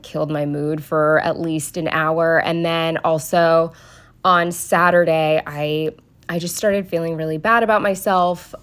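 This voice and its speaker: A young woman with a congested voice and a slight lisp, chatting casually in a rambling, candid voice-over about her planner and her week. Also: lowish voice. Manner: rambling and candid, lots of fillers and asides. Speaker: planner vlogger.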